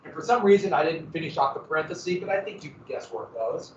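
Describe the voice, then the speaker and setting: A man's voice: on the high side, lively intonation, fast, few pauses. A man teaching a history lesson in a conversational way, asking rhetorical questions and correcting himself as he goes. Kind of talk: classroom lecture. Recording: roomy, dull lo-fi classroom recording.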